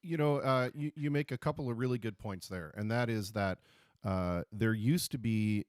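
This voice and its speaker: A middle-aged host from Canada asks questions in a chatty way, often repeating words as he gets going. His voice is fairly low. The sound is dry and close. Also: normal speed, darkish tone, dry recording. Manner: chatty, stumbling repetitions. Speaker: interviewer host. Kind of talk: casual interview chat.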